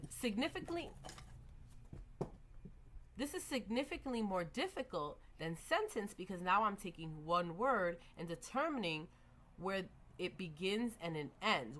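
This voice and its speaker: A woman's voice: mid-range voice, a bit bright. A young adult woman giving a methodical lesson on early reading, modeling classroom prompts for children. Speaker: teacher educator.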